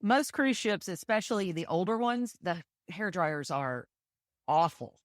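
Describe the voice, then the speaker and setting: Chatty low-voiced woman podcast guest. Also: lively intonation, unhurried, no room sound, studio quality. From Texas. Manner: chatty, enthusiastic storyteller with many fillers. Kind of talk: casual interview chat.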